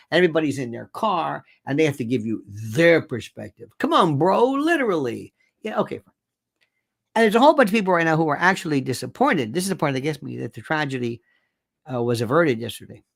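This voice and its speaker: A man's voice: on the high side, gravelly, a bit bright. A man hosting an opinion commentary show, talking in a sarcastic, emphatic way with incredulous outbursts. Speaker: political commentary host.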